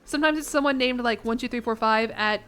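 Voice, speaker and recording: A woman's voice: on the high side, fast, a bit bright, smooth. A young woman streaming a game, rambling and giggling as she chats with her viewers. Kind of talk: casual chat to a live chat.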